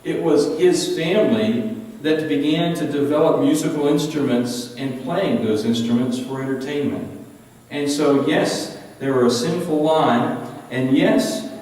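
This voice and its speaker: A man's voice: medium pitch, darkish tone. A man with a West Virginian accent, a pastor teaching a Bible study in an earnest, conversational way. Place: large church sanctuary. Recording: echoey hall, mic at a distance.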